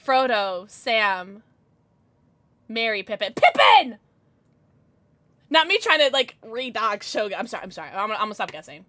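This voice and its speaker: Young female streamer, bright and lively, close dry mic, chatty and bubbly. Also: mid-range voice, moderate pace, dry recording. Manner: chatty, bubbly, squeals when reading chat. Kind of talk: casual live-stream chat.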